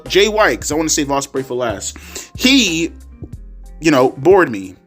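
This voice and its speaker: A man's voice: mid-range voice, a bit bright. A man ranting sarcastically and profanely about a wrestling show in a casual vlog. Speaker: wrestling commentary vlogger. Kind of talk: profane rant.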